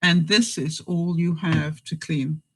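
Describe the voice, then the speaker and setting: A woman's voice: sits low, steady tone, slow pace, rough recording. Chatty woman vlogger. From Canada. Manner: chatty and blunt, laughing often. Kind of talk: casual live chat to viewers.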